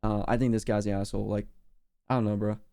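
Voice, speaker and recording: A man's voice: on the low side, flat delivery, fast talker, vocal fry, mellow, clean tone. A young man streaming casually, rambling in a laid-back slangy way with lots of fillers. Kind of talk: casual reaction chat.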